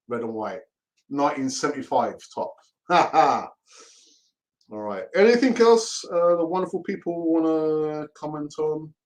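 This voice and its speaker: Brief: middle-aged man, fan-channel host, loose and chatty, a little higher-pitched than most men, laughs easily. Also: poor audio. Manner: chatty and laughing, often repeats himself. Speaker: host of a fan live stream. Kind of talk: casual live-stream chat.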